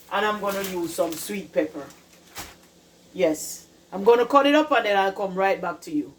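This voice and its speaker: A woman's voice: medium pitch, rough recording. A woman with a Jamaican accent hosting a casual cooking video in her home kitchen, chatting to viewers and urging them to look at the food. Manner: chatty, calls viewers "people", keeps saying "look at that". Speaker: cooking channel host.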